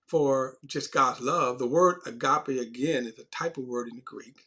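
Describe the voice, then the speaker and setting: Man, Bible teacher, conversational, restarts phrases, stresses key words, slightly high voice. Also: moderate pace, fairly bright tone. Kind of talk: informal Bible class teaching.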